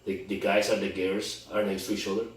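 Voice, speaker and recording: A man with a low voice speaks in a level tone at a brisk pace. He's giving an instructional monologue as a dating coach, talking emphatically and often repeating and restarting his words. The recording is very echoey, with him far from the mic.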